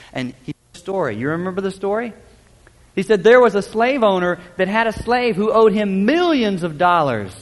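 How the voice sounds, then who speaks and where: A man preaching a sermon in a church, swinging between loud urgent lines and hushed, quiet ones. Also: a little high, long reverb tail. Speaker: pastor.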